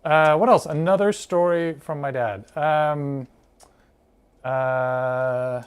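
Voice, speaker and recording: A man's voice: a little high, takes it slowly, clear, resonant tone. A man from Michigan co-hosting a livestream, telling family stories with many hesitations. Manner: hesitant storytelling with fillers. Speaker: co-host. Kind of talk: casual livestream chat.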